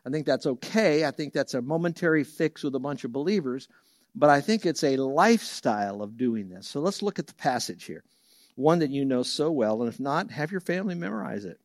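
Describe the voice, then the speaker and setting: A man preaching a sermon as a Bible teacher, telling homely stories and leaping up in pitch and volume for the voices he quotes, then dropping soft for the verses. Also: a little fast, no room sound, studio quality. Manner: lively storyteller who jumps high and loud for quoted voices; drops soft and low for reverent verses.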